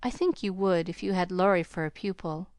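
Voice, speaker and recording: Woman reading as a young man tutor, gentle, earnest, encouraging, storybook voice, dry close sound. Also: on the low side, fairly quick, no echo, close to an everyday voice.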